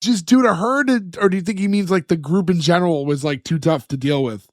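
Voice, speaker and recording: A man's voice: sits high, a little fast, no echo, studio quality. A man co-hosting a podcast, animatedly retelling a sitcom episode and laughing often. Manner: animated storyteller, acts out quotes, laughs often. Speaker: podcast co-host. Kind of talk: casual chat recapping a sitcom episode.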